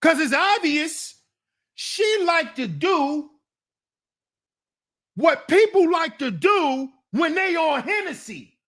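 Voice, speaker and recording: High pitched guy, blunt casual rant, scolding his chat. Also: big pitch swings, takes it slowly, pauses often, fairly bright tone. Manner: blunt, scolding, talks back to viewers. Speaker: commentary channel host.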